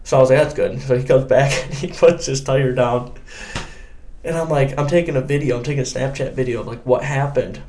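A man's voice: mid-range voice, fairly quick, a little hiss or hum. A young man from Michigan telling a story in a casual podcast chat, acting out the quotes of other people. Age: young adult. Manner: animated storyteller, acts out quotes. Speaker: guest angler.

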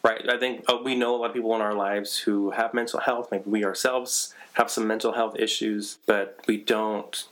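Relaxed male podcast co-host, a bit low, conversational. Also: moderate pace, hardly any pauses, low-quality recording. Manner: easygoing, conversational, reads statistics aloud. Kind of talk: casual podcast chat.

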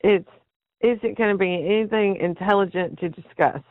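High-voiced man arguing on the phone. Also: normal speed, no echo. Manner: argumentative, nitpicking. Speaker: caller. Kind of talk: call-in radio chat. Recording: dry, phone-like line.

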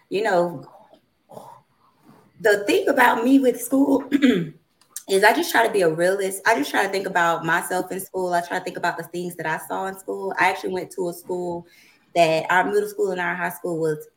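Woman panelist with a teen at home, mid-pitched, plain realist delivery. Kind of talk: casual panel chat.

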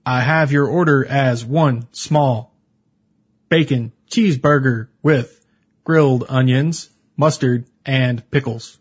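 A man's voice: medium pitch, husky, highs cut off. A man doing a stone-faced robotic cashier. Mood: deadpan formal. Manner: stiff, slow, overly formal. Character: stone-faced male fast-food cashier, robotic monotone.

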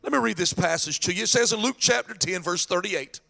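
A man preaching a sermon as pastor, animated, acting out the voices of people in the scripture story. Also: high-pitched, a little fast, gravelly, few pauses, soft background music.

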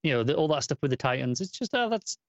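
Male co-host, rapid talker, lo-fi audio. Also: fairly high pitch, sing-song, no echo. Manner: quick, reasoning, asks for agreement. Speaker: podcast co-host. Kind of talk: casual comic book discussion.

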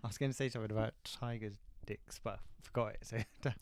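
A man's voice: lowish voice, steady tone, brisk, clear, resonant tone, no echo. A man, co-hosting a podcast in casual, jokey chat. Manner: jokey, teasing, trails off into laughs. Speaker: podcast co-host.

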